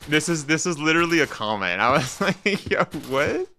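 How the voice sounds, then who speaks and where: A man in his thirties doing casual live gaming commentary as a streamer. He is excitable and slangy and often restarts his sentences. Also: fairly high pitch, fairly quick. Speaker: game streamer. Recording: steady background noise.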